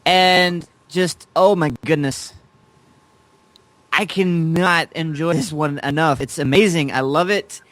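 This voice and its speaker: A man's voice: fairly high pitch, takes it slowly, fairly bright tone, dry recording. A man co-hosting a casual chat, talking earnestly and rambling with restarts. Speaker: co-host.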